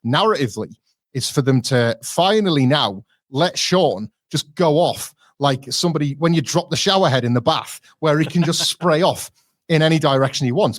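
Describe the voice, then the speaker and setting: A man's voice: mid-range voice, dry recording, studio quality. A man co-hosting a podcast, retelling events in a chatty, wry and digressive way. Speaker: podcast co-host. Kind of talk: casual podcast review.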